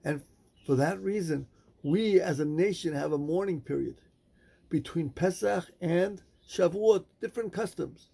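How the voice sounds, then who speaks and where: Rabbi preaching and storytelling, gravelly husky voice, sits kinda high. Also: male voice, warm tone. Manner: measured, dramatic storytelling pauses. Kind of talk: sermon with storytelling.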